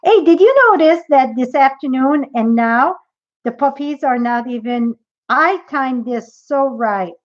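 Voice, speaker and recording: A woman's voice: high voice, unhurried, highs cut off. A woman demonstrating a craft project in a live tutorial, chatty and thinking aloud as she works.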